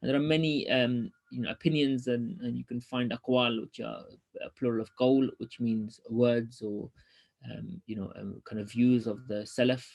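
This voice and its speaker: A man teaching an online lesson, reading passages from a religious text quickly and then explaining them in a loose, hesitant way full of ums. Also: medium pitch, steady tone, creaky, a little mellow.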